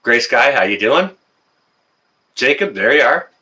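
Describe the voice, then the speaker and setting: A man's voice: medium pitch, big pitch swings, a little slow, pushed and bright. A Canadian man hosting a casual livestream, greeting viewers in the chat by name and chatting with plenty of fillers. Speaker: livestream host.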